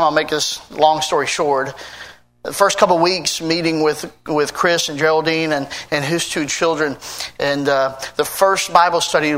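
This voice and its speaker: A man, a pastor giving a sermon testimony, earnestly telling stories and acting out quoted conversations. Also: a bit bright. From United States. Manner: earnest storytelling, acting out quoted talk with big pitch swings.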